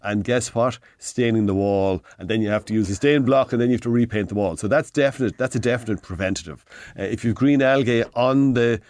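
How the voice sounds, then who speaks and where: With a mid-range, darkish voice and a fairly quick pace, a sixty-year-old Irishman advises on home repairs as a hardware expert guest on radio. He talks into a studio mic with no echo, rambling and correcting himself.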